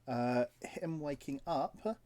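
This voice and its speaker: A man narrating as game master in a tabletop game, halting, with many fillers. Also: a little high, darkish tone.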